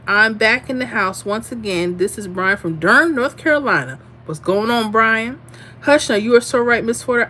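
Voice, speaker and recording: A woman's voice: fairly high pitch, slight background noise. A woman hosting a casual livestream, chatting sassily and telling stories while reading viewer comments. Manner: sassy, animated storyteller. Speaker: livestream host.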